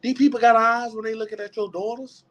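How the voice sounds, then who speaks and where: A middle-aged man delivers a motivational talk to a gathered group, his pitch sitting fairly high for a man. He speaks in an emphatic, preacher-like way, doubling up words as he drives each point home. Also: steady tone, quick pace, fairly bright tone.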